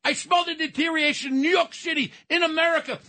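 A man in his seventies ranting angrily on a political talk radio show, often shouting. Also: very high-pitched, fairly even intonation, fast. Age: 70s. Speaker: radio co-host.

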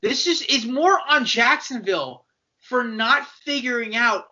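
A man co-hosting a casual sports podcast, animated and argumentative, acting out quoted voices as he makes his point. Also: very high-pitched, unhurried. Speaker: podcast co-host. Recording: dull lo-fi podcast audio.

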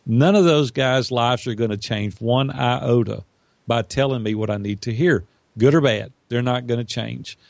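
Gravelly-voiced man telling a story. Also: medium pitch, normal speed, dry recording. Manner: earnest, animated storyteller who acts out quotes. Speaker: guest. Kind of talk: storytelling in an interview.

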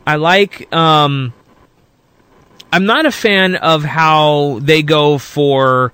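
A man's voice: fairly high pitch, extremely slow, bright, forceful tone, clean tone, no echo. An American man hosting a casual wrestling chat show, teasing his co-host and laughing a lot. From United States. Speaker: podcast host.

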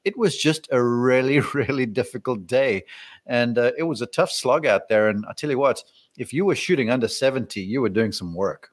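A man of mid-range pitch talks golf in a loose, easygoing manner, pausing and restarting often. He sounds like a regular analyst chatting with a co-host. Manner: relaxed, rambling, many fillers and restarts. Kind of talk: casual golf analysis chat.

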